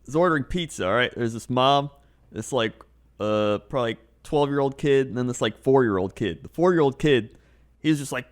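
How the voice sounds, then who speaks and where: A man's voice: mid-range voice, fairly quick. A man co-hosting a podcast, telling everyday stories in casual chat and mimicking the people in them. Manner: storytelling, mimicking people he describes. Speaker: podcast co-host.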